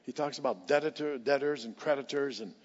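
A man's voice: mid-range voice, a little fast. Preaching man in a reverberant hall. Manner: impassioned preaching, repeating lines for emphasis. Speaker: pastor. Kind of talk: sermon. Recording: dull sound with long hall reverb.

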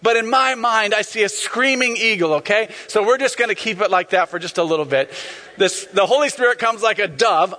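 A man preaching a sermon as a pastor, animated, acting out scenes and sometimes shouting. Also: high-pitched, brisk, long reverb tail.

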